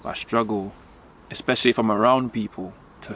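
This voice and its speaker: A young man vlogging while walking outdoors, speaking haltingly as he holds back tears, with many pauses and fillers. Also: on the low side, steady tone, a bit bright, slight background noise. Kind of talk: emotional personal vlog.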